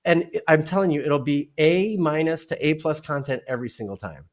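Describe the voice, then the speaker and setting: A man's voice: fairly high pitch, brisk. A man guest in a conversational interview, explaining animatedly and acting out short exchanges. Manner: animated, acts out dialogues. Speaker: guest, keynote speaker and author.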